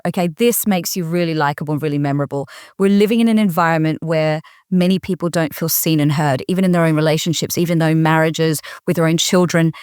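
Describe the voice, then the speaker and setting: A woman's voice: low voice, fast, few pauses, smooth, no room sound, clean studio sound. Confident woman giving interview advice. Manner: energetic, confident, quotable phrasing. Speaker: guest speaker. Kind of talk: interview conversation.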